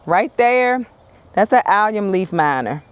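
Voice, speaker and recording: A woman chatting excitedly to viewers while harvesting in her outdoor garden, talking straight to the camera. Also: mid-range voice, measured pace, smooth, no echo. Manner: chatty and excitable, often addresses viewers as y'all. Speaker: urban homesteader, channel host. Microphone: wireless clip-on mic.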